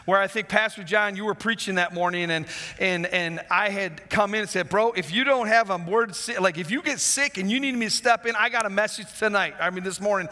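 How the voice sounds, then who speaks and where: A man preaching a sermon as a pastor, telling a personal story with lots of restarts and asides. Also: sits high. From Wisconsin, USA. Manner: animated, rambling with many restarts. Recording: long hall reverb.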